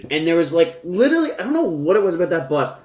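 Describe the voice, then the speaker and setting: A young man co-hosting a podcast tells rambling stories among friends in casual chat, laughing often. His slightly high voice is sing-song and racing, and the room sounds echoey.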